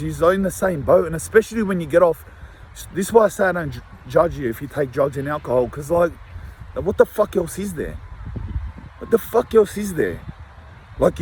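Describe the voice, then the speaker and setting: Aussie bloke rambling to camera in a park, bit of a higher voice, faint traffic behind. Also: male voice, rough recording. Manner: rambling, candid, heavy swearing, many fillers. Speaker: vlogger. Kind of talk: casual unscripted monologue to camera. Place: outdoors in a park in the rain. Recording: faint outdoor street and traffic noise.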